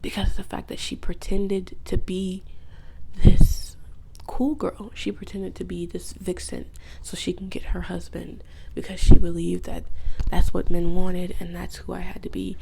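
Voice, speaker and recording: A woman's voice: fairly low pitch, flat delivery, measured pace, gravelly. A woman vlogger giving a casual, rambling, profane recap, often dropping into whispered asides. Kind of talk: casual video essay recap.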